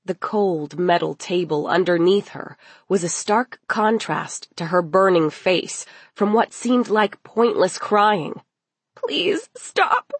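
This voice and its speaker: Female audiobook narrator, low-ish voice, measured dramatic delivery, husky tone. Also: no echo. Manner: slow, measured, dramatic reading.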